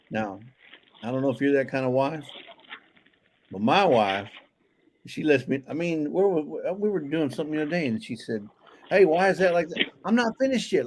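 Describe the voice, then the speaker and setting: A man's voice: mid-range voice, darkish tone, slight background noise. Rambling joking man. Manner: rambling, joking, frequent restarts. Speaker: livestream co-host. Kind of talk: casual livestream chat reading viewer comments.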